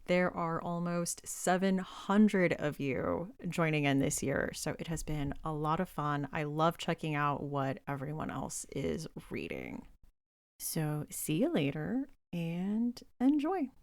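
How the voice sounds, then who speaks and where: A woman hosting a podcast, speaking in a low, easygoing voice. She chats in an upbeat, friendly way. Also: animated, takes it slowly. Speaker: podcast host. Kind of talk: casual chat.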